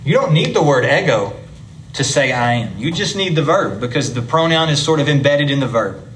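A man's voice: mid-range voice, lively intonation, normal speed, fairly bright tone. A man leads a Bible lesson in a church classroom, talking to his class in an easy, conversational way. His voice sits in a middle range, and there is a faint hum of room ambience behind him. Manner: conversational, explains step by step, chatty with the class.

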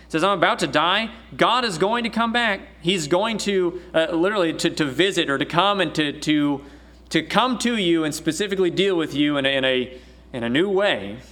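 A man's voice: fairly high pitch, a bit bright. A man from Arkansas in the US South preaching a sermon, conversational and emphatic as he reads scripture. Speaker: pastor.

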